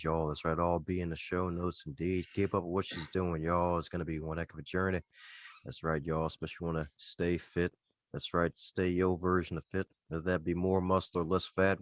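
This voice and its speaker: A man's voice: sits low, no room sound. A man hosting a podcast interview in casual chat, playful and jokey, leaning on catchphrases. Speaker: podcast host.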